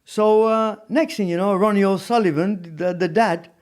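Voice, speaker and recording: A man's voice: sits high, normal speed, darkish tone. A man telling prison stories in a casual interview, rambling with lots of "you know what I mean". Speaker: podcast guest.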